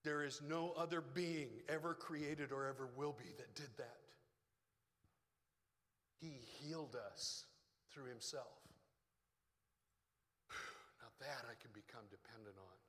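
Bright-voiced man preaching in a hall. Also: mid-range voice. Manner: animated, drops to a hushed whisper for quotes. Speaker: pastor. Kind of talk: sermon.

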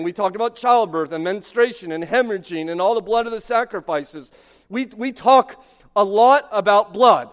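A man in his thirties preaching a sermon as pastor, conversational, with frequent "right?" asides and quick restarts. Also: high-pitched. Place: church sanctuary. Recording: long hall reverb from a sanctuary PA.

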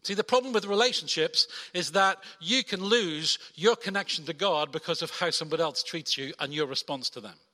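A man preaching a sermon from the front, animated and lively, acting out quoted voices. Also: on the high side, fairly quick, few pauses. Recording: long hall reverb.

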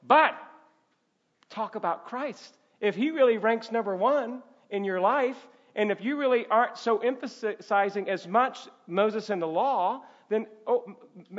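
A man preaching a sermon as pastor, emphatic, swelling to loud calls and dropping to quiet asides, ending in prayer. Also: sits high, moderate pace, dull audio. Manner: emphatic preaching, rising and falling in force, with a closing prayer.

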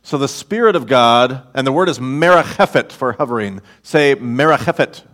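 A man preaching a sermon as a guest speaker on a church stage, playful and animated, calling on the congregation to repeat words. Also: medium pitch, normal speed. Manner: playful, animated, audience call-and-response.

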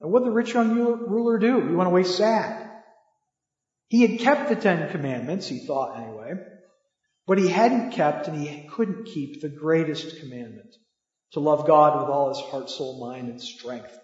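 A man's voice: on the high side, moderate pace, darkish tone. A man preaching a sermon in a conversational way, asking the listeners rhetorical questions. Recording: echoey hall, dull lo-fi sound.

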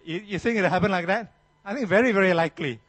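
A man preaching a sermon as pastor, emphatic and animated, with frequent restarts. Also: sits high, quick pace, dry recording.

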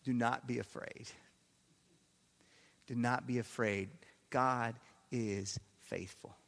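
A man's voice: medium pitch, fairly even intonation, slow, gravelly, a bit bright. Guy preaching, earnest, says stuff twice, big echoey hall sound. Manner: earnest, repeats phrases for emphasis. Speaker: pastor. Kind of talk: sermon. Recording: echoey hall with long reverb.

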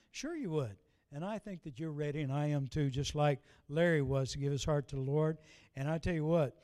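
A middle-aged man, preaching a sermon with folksy, self-deprecating stories. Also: a little high. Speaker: pastor.

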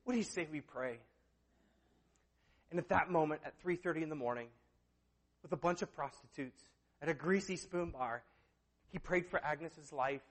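Male preacher, slightly high voice, dramatic storyteller who swings between loud and hushed. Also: normal speed. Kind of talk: sermon storytelling.

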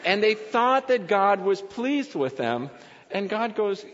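A man's voice: high-pitched, very animated, takes it slowly, fairly bright tone. A male pastor giving a sermon in a conversational, emphatic way, repeating phrases for stress. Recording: dull lo-fi recording in a long-reverb hall.

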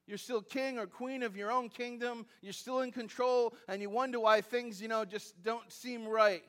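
This pastor's voice is very high and a bit bright, with fairly even intonation at a normal speed. His sermon feels like conversation, with asides, humor at his own expense, and lots of repeated phrases and restarts as he works up his points.

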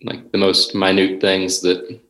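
A hesitant man with a low voice ponders aloud in a casual podcast chat. He sounds unsure of himself, and the sound is roomy and echoey. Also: monotone, measured pace, a bit bright. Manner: hesitant, mumbling, often unsure. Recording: roomy echo.

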